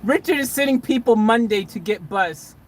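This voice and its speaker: A woman's voice: on the high side, expressive, moderate pace, noisy background. A young woman vlogging casually from inside a van, giddy and laughing in disbelief as she rehearses what to say. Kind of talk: excited casual vlog chat.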